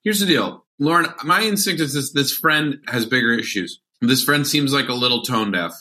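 A man's voice: expressive, normal speed, bright, forceful tone. Playful man cracking puns. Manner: playful, punning, jumps up in pitch for jokes. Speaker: comedian guest. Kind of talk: casual comedic chat. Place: home, over a video call.

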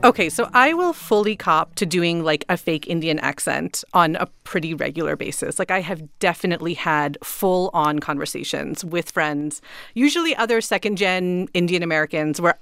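A woman hosting a podcast, chatty and lively, with many fillers. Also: on the low side, normal speed, clean tone, dry recording, clean studio sound, soft background music. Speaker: podcast host. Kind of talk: casual chat.

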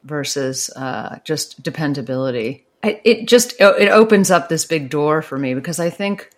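A woman's voice: low-pitched, lively intonation, normal speed. A woman author and advice columnist answering interview questions in a thoughtful, rambling way with frequent restarts.

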